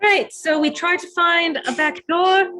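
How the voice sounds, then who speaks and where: A woman's voice: very high voice, fairly even intonation, a little slow, sharp tone. A woman playing a tabletop game, asking hesitant, rambling questions about the plan.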